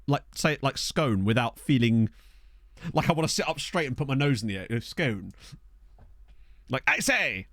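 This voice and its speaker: A man's voice: medium pitch, no echo, clean studio sound. A young man with a Southern English accent, chatting casually while playing a game and answering his stream chat. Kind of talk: casual gameplay commentary while reading chat. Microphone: desk microphone.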